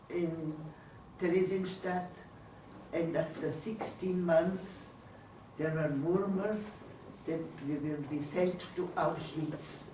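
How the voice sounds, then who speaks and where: An older woman giving her testimony as a lecture, speaking slowly and searching for words. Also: lowish voice, dark tone, slight background noise. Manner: slow, halting, searching for English words. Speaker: Holocaust survivor giving testimony. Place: lecture hall. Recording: roomy hall, voice from far off.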